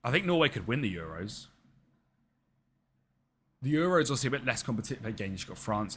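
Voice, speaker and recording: Chatty young man, bright voice. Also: medium pitch, very animated, brisk, pauses often, slightly rough. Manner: rambling, chatty, answers chat viewers by name. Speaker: streamer. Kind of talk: casual live-stream chat while gaming.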